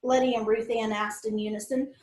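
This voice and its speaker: A woman reading a novel aloud in first-person narration, with a lively storytelling manner. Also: fairly high pitch, fairly quick. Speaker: audiobook reader. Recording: roomy echo.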